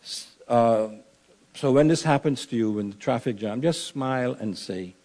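Delivering a funeral eulogy, a man speaks at a middle pitch in a dark, mellow voice. He is measured and solemn, leaning hard on the key lines the way a preacher would.

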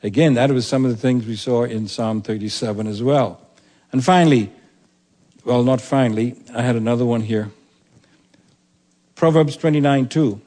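A man preaches a sermon at a middle pitch, earnest and emphatic. He presses his points and slows down when he reads scripture. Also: mellow. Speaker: pastor.

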